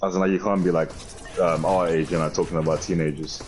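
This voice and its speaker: A man's voice: low voice, steady tone, fast talker, a little mellow. A young man co-hosting a podcast, rambling casually with many "like" fillers. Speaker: podcast co-host. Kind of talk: casual chat. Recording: faint background noise.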